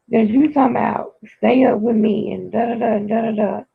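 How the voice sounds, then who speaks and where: Talk raspy and gravelly, teasing the chat. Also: medium pitch, steady tone, fairly quick, hardly any pauses. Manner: playful mock-scolding, repetitive. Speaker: livestream host. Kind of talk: casual livestream chat with viewers. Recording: tinny phone-like audio.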